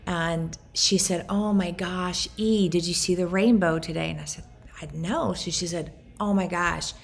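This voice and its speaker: A middle-aged woman talking to her phone camera in an earnest, emotional vlog, rambling quickly at times. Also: fairly low pitch, gravelly. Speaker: vlogger. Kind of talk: personal vlog talk to camera.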